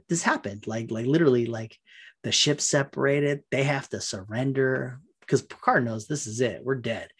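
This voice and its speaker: A man in a rambling, profane, animated casual rant. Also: medium pitch, husky.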